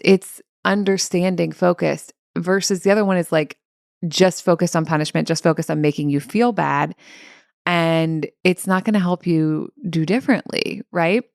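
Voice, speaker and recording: A woman's voice: lowish voice, vocal fry, no echo, studio quality. A young adult woman hosting a solo coaching podcast, talking casually with lots of "like" fillers and acting out inner voices.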